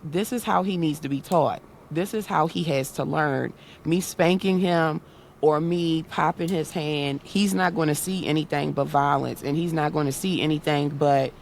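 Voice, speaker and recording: A woman's voice: fairly low pitch, normal speed, a little hiss or hum. A woman guest in a casual interview, telling personal parenting stories earnestly and acting out the voices she quotes. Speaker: guest, content creator and autism awareness activist.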